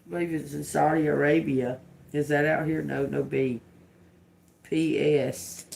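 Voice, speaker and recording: A man hosting a live psychic reading, slowly and haltingly repeating single words aloud as he interprets them. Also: on the high side, steady tone, gravelly, a little mellow. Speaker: livestream psychic reader. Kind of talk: live spirit-box and card reading.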